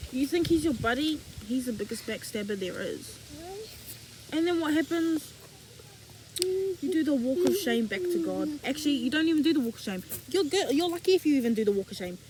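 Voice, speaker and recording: A young woman with a high voice talks about faith straight to camera. Her speech is slangy and animated, full of rhetorical questions like a casual sermon. Faint noise sits under the recording. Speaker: faith vlogger.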